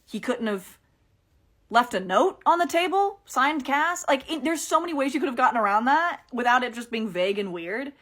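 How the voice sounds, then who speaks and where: Woman vlogger, exasperated rant, lots of swearing, jumps from loud outbursts to low grumbles. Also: moderate pace. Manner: exasperated, ranting, with heavy swearing and "like"; swings between animated outbursts and low, subdued stretches. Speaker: TikTok creator reviewing a TV finale. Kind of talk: casual opinion vlog.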